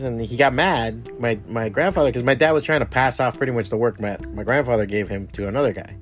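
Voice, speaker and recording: A man's voice: medium pitch, fairly quick, soft background music. A man with Cuban family roots giving a blunt, rambling pep talk full of swearing. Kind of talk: casual motivational monologue.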